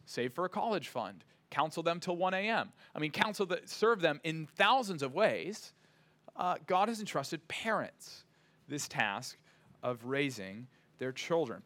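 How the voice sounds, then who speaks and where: Bright-voiced man preaching a sermon. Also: fairly high pitch. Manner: earnest, emphatic preaching with frequent "uh" and "right?". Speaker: pastor.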